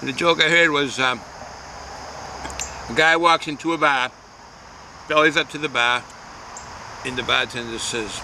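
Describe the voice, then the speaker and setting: A man's voice: mid-range voice, a little slow, long pauses, sharp tone, a little hiss or hum, poor audio. A man giving a casual, folksy beer review outdoors, rambling with lots of hesitations.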